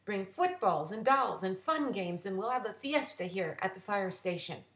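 A no-nonsense woman fire chief takes charge with a firm, reassuring voice, as a woman storyteller reads her. She speaks up brightly over a roomy echo. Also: medium pitch, lively intonation, moderate pace.

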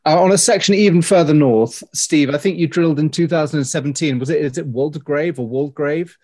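A man's voice: on the high side, fairly quick, mellow. A man interviewing, asking technical questions in a casual, inquisitive way with loose hedging. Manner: inquisitive, casual, hedges with "kind of".

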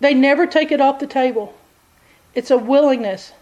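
A woman preaches in a high, bright register. She tells a personal story folksy and animated, the way a sermon runs. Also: normal speed, lo-fi sound. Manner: animated, folksy storytelling, jumps into high voices for quoted people.

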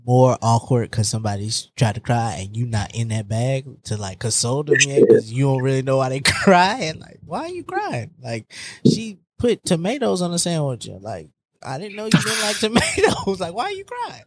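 A man chatting casually as a podcast co-host, animated and slangy, swearing freely and acting out the voices he quotes. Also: medium pitch, moderate pace. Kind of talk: casual group chat.

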